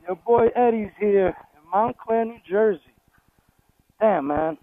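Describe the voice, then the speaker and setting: A man's voice: sits high, fairly even intonation, unhurried, vocal fry, dry recording. A man from New York City vlogging while riding a motorcycle, chatting animatedly and joking, with plenty of swearing. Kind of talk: casual chat while riding. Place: on a motorcycle, outdoors on town roads. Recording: tinny, phone-like with loud music.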